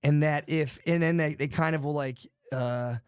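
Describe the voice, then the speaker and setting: A man's voice: on the high side, steady tone, moderate pace, clean tone, dry recording, clean studio sound. A man co-hosting a podcast in casual chat, rambling and profane, jittery from too much coffee. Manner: rambling, profane, restarts often. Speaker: podcast co-host.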